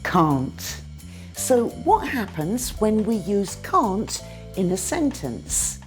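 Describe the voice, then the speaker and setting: British woman, English teacher, unhurried, clear exaggerated modelling of words. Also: mid-range voice, sing-song, a little mellow, faint music behind. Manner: careful, exaggerated demonstrations of sounds. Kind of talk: scripted pronunciation lesson.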